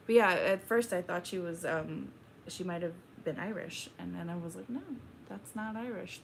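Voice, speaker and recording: A young woman hosting a casual livestream, reading chat aloud and chatting back in a slow, laid-back drawl. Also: lowish voice, gravelly, a little hiss or hum.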